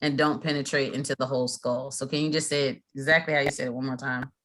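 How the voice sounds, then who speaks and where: A woman's voice: rumbling low, steady tone, fast talker, a bit bright. A middle-aged woman leading a mediation training over a video call, chatty, with many fillers and restarts. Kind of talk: casual training talk.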